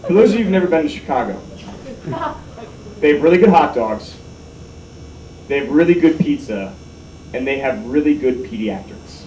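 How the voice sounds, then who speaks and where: A man's voice: on the high side, moderate pace, long pauses, noisy background. Self-mocking young man telling a story. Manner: self-mocking, animated, acts out quotes. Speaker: live storyteller. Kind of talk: comic live storytelling. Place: large hall with live audience. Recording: echoey hall, mic at a distance, audience heard.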